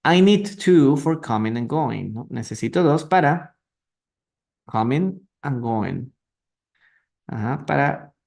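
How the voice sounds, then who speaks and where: Slow, gravelly teacher man. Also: mid-range voice, expressive, a little mellow. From Peru. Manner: patient, repeats words and translates into Spanish; asks students questions and greets viewers. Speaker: English teacher. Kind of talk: live online reading lesson. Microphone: phone or computer mic for a live stream.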